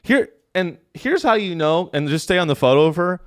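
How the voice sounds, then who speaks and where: A man's voice: high voice, animated, normal speed, smooth, dry recording, studio quality. A man hosting a podcast, in crude, joking casual chat that rambles and trails off into fillers. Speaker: podcast host.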